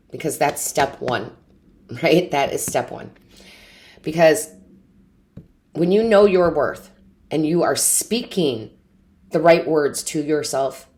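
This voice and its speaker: A woman with a low, slightly mellow voice gives an intuitive tarot reading to camera as a tarot reader. Earnest and encouraging, she often asks rhetorical questions while sounding tearful and overwhelmed.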